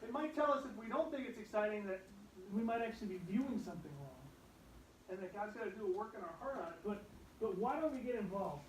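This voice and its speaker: Young male youth pastor preaching, higher voice, echoey room, mic some distance off; animated delivery with hushed asides. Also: fast, a little hiss or hum. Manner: animated preaching, dropping to hushed tones for stories. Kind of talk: youth sermon.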